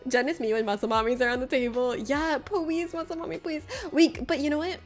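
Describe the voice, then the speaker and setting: A woman's voice: sits high, level tone, a little fast, faint music behind. A woman from Florida chatting casually with her viewers during a livestream, telling stories and laughing often. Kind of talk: casual chat with viewers during a game stream.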